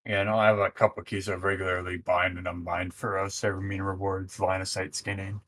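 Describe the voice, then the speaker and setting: A man's voice: sits low, flat delivery, a little fast, a bit bright. A man chatting casually with fellow server admins while working on a game map, laid-back and swearing freely.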